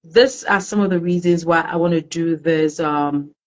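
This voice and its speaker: A woman hosting a live-streamed talk show, greeting viewers by name and chatting in a warm, emotional way. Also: fairly low pitch, normal speed, low-quality recording. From Ghana. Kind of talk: casual live-stream chat.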